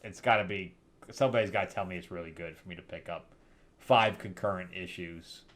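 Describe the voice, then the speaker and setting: A man's voice: sits low, brisk, a bit bright. A man hosting a casual comic book review show, rambling and sarcastic, often laughing at what he describes.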